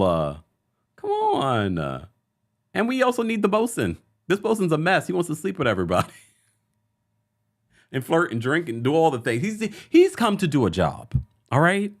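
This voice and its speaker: A man hosting a casual live-stream recap of reality TV, chatty and animated, quoting the people he talks about. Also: mid-range voice, moderate pace. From United States. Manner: animated, chatty, with laughs and quoted asides. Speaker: host.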